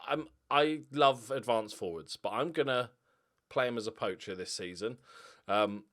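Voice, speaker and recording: A man's voice: mid-range voice, moderate pace, fairly bright tone. A young man giving casual, joking commentary on his game, swearing freely and rambling through asides. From Northern Ireland. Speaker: gaming YouTuber.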